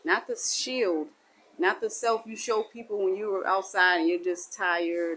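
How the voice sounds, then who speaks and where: A woman's voice: mid-range voice, a little slow, a bit bright, poor audio. A woman delivering a spiritual monologue as a teacher, in a meandering, repetitive and folksy way. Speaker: self-styled spiritual teacher.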